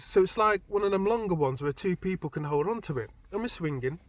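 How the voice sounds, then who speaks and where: A man recounts a strange dream in easy, rambling vlog fashion, his fairly high voice leaping upward and growing loud whenever the story turns tense. The sound is close and dry, with no room around it. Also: brisk, few pauses, no room sound. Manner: animated, voice climbing high and loud when excited. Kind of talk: casual storytelling.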